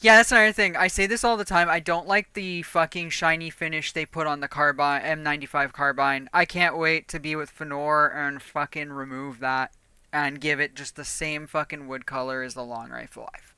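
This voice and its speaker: A woman streaming a game and chatting casually, profane and quick to laugh. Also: deep voice, fairly even intonation, sharp tone, smooth, dry recording. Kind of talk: casual gaming stream chat.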